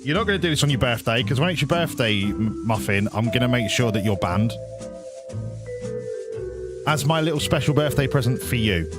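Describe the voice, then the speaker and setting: A man's voice: mid-range voice, lively intonation, a little fast, music in the background. A man hosting a live stream, chatting casually and teasing his viewers in a joking way. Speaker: livestream host.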